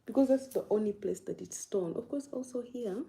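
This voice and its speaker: A woman's voice: medium pitch, a little fast, vocal fry, dark tone, low-quality recording. A young woman from Uganda chatting casually on a livestream, laughing often and answering viewer comments. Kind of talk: casual live-stream chat.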